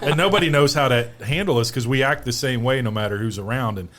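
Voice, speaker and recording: A man's voice: medium pitch, fast, fairly bright tone. A man with a Kentucky accent, a distillery co-founder telling stories in a casual chat and laughing often. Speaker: distillery co-founder, podcast guest.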